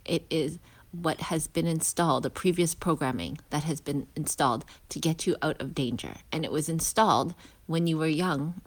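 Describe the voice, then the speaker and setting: Walking outside on the way to school, a mother who works as a healer talks through an informal lesson in a low-sitting voice. She's thoughtful and pauses often, restarting sentences and lowering her voice for quiet asides.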